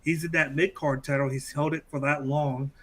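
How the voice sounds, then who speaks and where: A man's voice: fairly high pitch, little pitch movement, normal speed. A man co-hosting a casual chat, rambling and thinking aloud. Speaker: podcast co-host.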